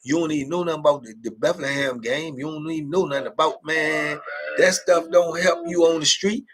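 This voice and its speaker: A man's voice: fairly high pitch, brisk, fairly bright tone. A middle-aged man hosting a late-night live chat, telling stories in street slang, repeating himself and laughing often. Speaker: host.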